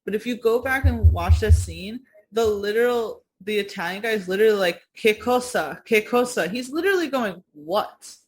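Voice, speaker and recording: A woman's voice: mid-range voice, lively intonation, a little fast, hardly any pauses, a little mellow. A woman co-hosting a podcast in casual chat, rambling through stories, laughing often and swearing casually. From United States. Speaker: podcast co-host.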